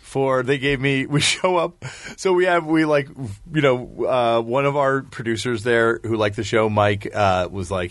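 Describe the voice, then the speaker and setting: A man in a relaxed chat, spinning a rambling story full of asides and laughs. His pitch sits in the middle, and the recording is dry and close. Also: normal speed, dry recording. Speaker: podcast guest, musician. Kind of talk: casual chat.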